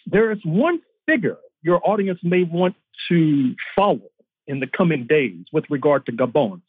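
A man lectures as a guest historian, his voice husky and a little higher than most men's. His pitch rises and falls in a lively way. The sound comes through a tinny phone line. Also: normal speed, no echo. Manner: lecturing, long flowing historical arguments. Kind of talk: political analysis interview.

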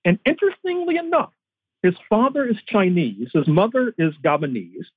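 A man lectures as a guest historian, his voice husky and a little higher than most men's. His pitch rises and falls in a lively way. The sound comes through a tinny phone line. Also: moderate pace, no room sound. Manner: lecturing, long flowing historical arguments. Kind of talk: political analysis interview.

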